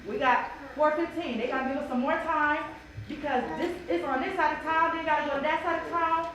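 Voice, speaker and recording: A high-voiced woman tells an emotional, animated story to a church bible study group, acting out the voices of the people in it. She sounds far from the mic in a very echoey room with steady background noise. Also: fairly quick, lo-fi sound. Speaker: mother sharing in bible study. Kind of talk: personal testimony in a group discussion.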